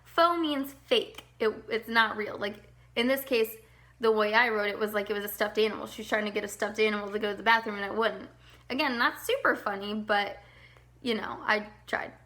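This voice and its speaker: Bright-voiced woman teaching a lesson. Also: mid-range voice, fairly quick. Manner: patient, explains step by step, often checks in with "okay?". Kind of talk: recorded remote lesson for children.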